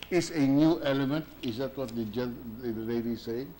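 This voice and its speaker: A man, a senate minority leader, questioning a bill deliberately in a legislative chamber and restarting his phrases. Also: medium pitch, warm tone, a little hiss or hum, poor audio.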